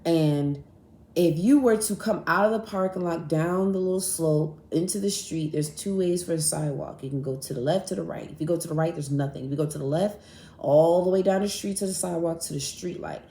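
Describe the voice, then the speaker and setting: A young woman hosting a podcast, telling a story in a casual, animated and profane way, acting out both sides of an argument. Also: fairly low pitch, a little fast. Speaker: podcast host. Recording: echoey room.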